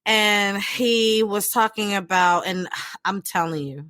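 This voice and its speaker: A woman who co-hosts a podcast as a mental health professional chats casually and animatedly, laughing often and acting out quotes. Her medium-pitched, slightly bright voice is slow, recorded in studio quality with no room sound.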